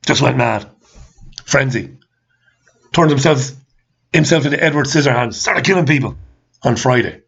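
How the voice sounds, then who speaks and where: An exasperated man hosting his own commentary show, firing the same questions again and again and swearing freely. His voice sits at an ordinary pitch for a man. The recording is slightly dull and lo-fi. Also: expressive, normal speed, creaky, long pauses, a bit bright, breathy edge. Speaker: host. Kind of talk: ranting commentary.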